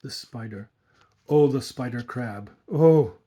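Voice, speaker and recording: A man's voice: mid-range voice, steady tone, measured pace, darkish tone, slightly rough. A man reading aloud and voicing a terrified old woman servant in a trance, gasping and strangled. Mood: entranced dread.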